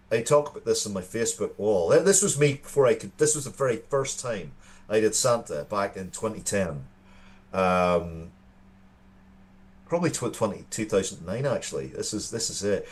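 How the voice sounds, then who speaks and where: Low-voiced Irish man telling stories. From Ireland. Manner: earnest storytelling with frequent restarts. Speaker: co-host. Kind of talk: casual chat.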